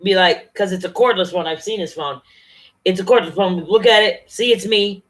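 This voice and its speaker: A woman venting angrily and profanely on her vlog, talking straight to her viewers. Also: fairly low pitch. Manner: angry, profane, fast-shifting rant. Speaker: vlogger.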